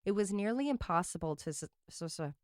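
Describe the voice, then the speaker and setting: A woman's voice: medium pitch, lively intonation, a little fast, dry recording, clean studio sound. A woman co-hosting a podcast who tells a story in casual chat, giggling and stumbling over her words.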